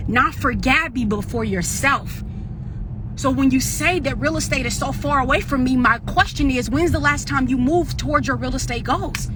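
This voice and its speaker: High-voiced woman preaching real estate motivation. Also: background noise. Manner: preachy, emphatic, repetitive call-and-response. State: getting out of breath. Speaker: real estate coach and agency owner. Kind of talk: motivational livestream talk.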